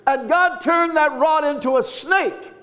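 A man delivers a sermon in a strikingly high voice, hammering points through repetition and breaking into sudden shouts. The recording is muffled and lo-fi. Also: a little slow. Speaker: preacher. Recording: dull lo-fi recording.

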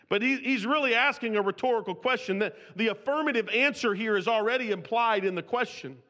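This is a man's high, bright, forceful voice at normal speed, delivering an expository sermon. He reads scripture aloud in King James wording, and when speaking freely he restarts and repeats words. The sound is lo-fi and carries long hall reverb.

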